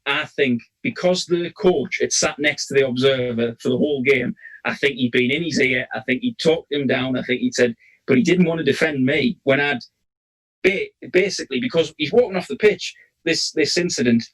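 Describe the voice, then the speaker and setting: A man's voice: medium pitch, rough recording. A man, co-hosting a casual referee chat and telling a long rambling story with many restarts. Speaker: referee, podcast co-host.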